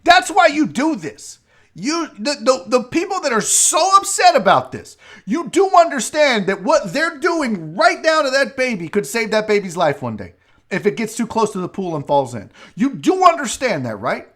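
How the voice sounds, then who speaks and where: A man's voice: extremely high pitch, very animated, moderate pace, bright, forceful tone. A man hosting a casual live-stream show, ranting with profanity while a bit tipsy from drinking. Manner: profane, rambling rants. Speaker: show host.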